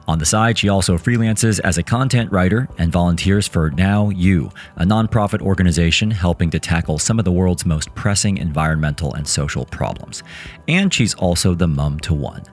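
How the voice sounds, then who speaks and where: A man hosting a career podcast, reading a polished, upbeat intro and then interviewing his guest. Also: low-pitched. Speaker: podcast host.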